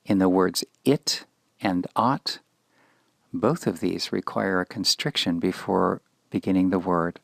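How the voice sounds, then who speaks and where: Deep gravelly guy teaching hebrew letters real slow and patient, dry close mic. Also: fairly bright tone, no echo. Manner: patient, deliberate, spells out each letter. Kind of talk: slow instructional lesson.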